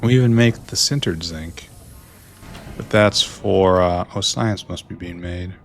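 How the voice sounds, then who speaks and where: A man's voice: sits low, a little slow, a little hiss or hum. A man thinking aloud in casual commentary while playing a game, musing and mocking himself. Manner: musing, talks to himself, dry self-mockery. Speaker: gameplay streamer.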